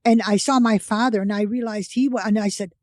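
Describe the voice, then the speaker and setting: A woman's voice: mid-range voice, steady tone, fairly quick, a little mellow, no room sound, clean studio sound. A woman in her eighties from the United States, a podcast guest telling her life story and acting out the voices of the people in it. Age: 80s. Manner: vivid storyteller who acts out quoted voices. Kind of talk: personal storytelling.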